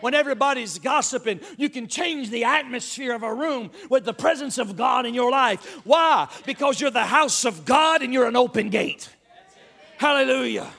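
High-voiced emphatic male preacher. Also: normal speed, hardly any pauses. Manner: emphatic, call-and-response, animated. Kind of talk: sermon.

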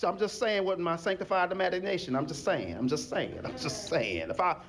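A man's voice: high voice, a little fast. A male pastor preaching a sermon in church, acting out little scenes and calling on the congregation. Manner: animated, acts out voices and call-and-response. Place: church sanctuary.

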